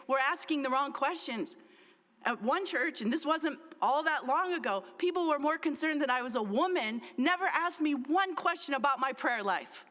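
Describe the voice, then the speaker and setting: A woman's voice: sits high, normal speed, a bit bright. A middle-aged woman pastor preaching a sermon in an earnest, emphatic way, repeating key phrases for weight. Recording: long reverb of a large hall.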